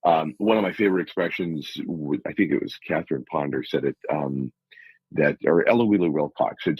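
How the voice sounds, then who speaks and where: A man's voice: a bass voice, brisk, breathy edge, dry recording, muffled recording. A man on a radio talk show, coaching listeners through numbered self-help steps in an earnest, motivational way. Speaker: life coach guest.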